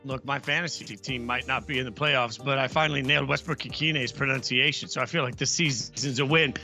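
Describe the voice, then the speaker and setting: Bright-voiced jokey male host. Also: mid-range voice, fairly even intonation, fairly quick, vocal fry, faint music behind. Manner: jokey, playful. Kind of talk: lively fantasy football show hosting.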